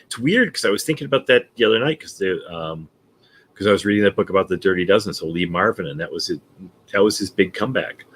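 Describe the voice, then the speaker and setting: Quick husky guy, wry movie-buff quips, lowish voice. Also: animated, a bit bright. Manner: quick, wry, full of old-film references. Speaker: co-host and producer. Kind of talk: casual podcast chat.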